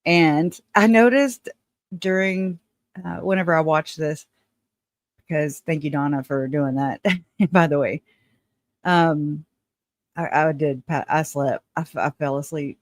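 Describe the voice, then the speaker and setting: A woman's voice: on the low side, a little slow, long pauses, dry recording. Woman, casual live-stream host, chatty, dry close sound. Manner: chatty, laughing often, addresses viewers as y'all.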